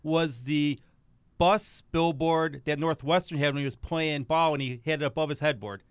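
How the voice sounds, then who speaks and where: A man co-hosts a sports talk show, throwing out gossipy wisecracks. His voice is slightly high and sounds dry and close. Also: moderate pace, smooth, no room sound. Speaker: co-host. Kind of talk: casual sports talk interview.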